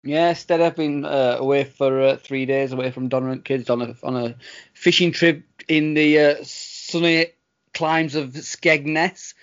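Laid-back podcast co-host. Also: male voice, fairly high pitch, fairly even intonation, measured pace, dull audio. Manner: laid-back, modest, chuckling. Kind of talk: casual podcast chat.

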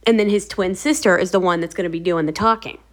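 Speaking quickly in a lowish voice, this woman hosts a motivational series. She addresses the camera casually and encouragingly, her storytelling chatty and animated, with plenty of fillers.

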